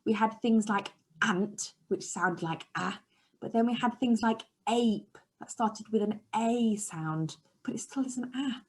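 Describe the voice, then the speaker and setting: A woman teaching a phonics lesson to young children in an encouraging, sing-song way, sometimes dropping to a soft whisper. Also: fairly high pitch, a little slow, husky. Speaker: early years teacher. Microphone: camera she sets up herself.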